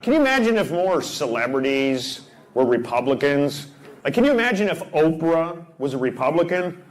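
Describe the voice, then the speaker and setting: A man's voice: a little high, big pitch swings, moderate pace. Brash male stand-up comic, club echo. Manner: brash, teasing, shifts into mock voices for bits. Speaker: stand-up comedian. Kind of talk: stand-up comedy with crowd work. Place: comedy club stage. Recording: echoey club with loud crowd noise.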